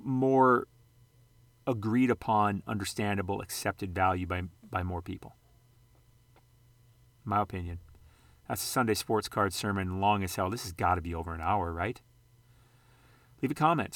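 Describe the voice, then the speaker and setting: A man's voice: lowish voice, a bit bright, no room sound. A man hosting a casual vlog, rambling and conversational, throwing out rhetorical questions and the odd mild curse. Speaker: sports card channel host.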